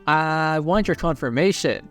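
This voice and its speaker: Arrogant greedy villain, read by a man, sneering, bored, slightly high voice, faint music behind. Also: unhurried, fairly bright tone. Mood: cold.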